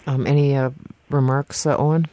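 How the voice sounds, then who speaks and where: A woman hosting a public radio panel discussion from a studio, speaking in a measured way with frequent filler words. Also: very deep voice, little pitch movement, dark tone, no room sound. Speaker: radio talk show host. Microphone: studio microphone.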